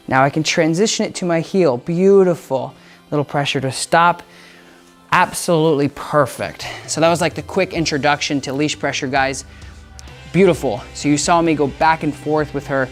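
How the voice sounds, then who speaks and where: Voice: medium pitch, moderate pace, faint music behind. A dog trainer talking casually through a leash session, upbeat and chatty, praising the dog again and again. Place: indoor room with a dog crate.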